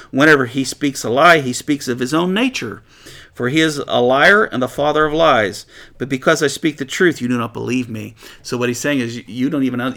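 A man leading an informal Bible study, reading scripture aloud and explaining it in a lively, conversational way with frequent laughs. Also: a little high, creaky. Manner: animated, laughs often, paraphrases scripture conversationally. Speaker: Bible teacher.

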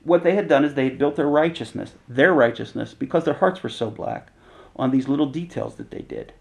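A man with a gravelly edge to his voice leads a casual Bible teaching. He reads scripture passages aloud, then breaks them down in loose, everyday slang. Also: mid-range voice, brisk, rough recording. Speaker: preacher.

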